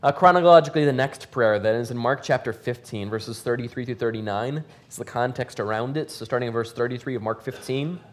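A man's voice: medium pitch, a little fast, few pauses. A man giving conversational Bible teaching, asking his listeners questions and thinking aloud with fillers.

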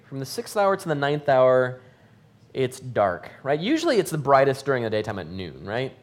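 A man's voice: mid-range voice, huge pitch swings, moderate pace. Man teaching scripture conversationally. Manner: asks listeners questions, thinks aloud with fillers. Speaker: Bible teacher.

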